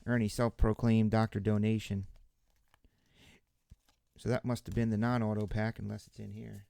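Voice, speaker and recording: Gravelly man hosting a card break. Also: fairly low pitch, moderate pace, dry recording. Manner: relaxed, chatty, joking with viewers. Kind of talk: casual live commentary while opening cards.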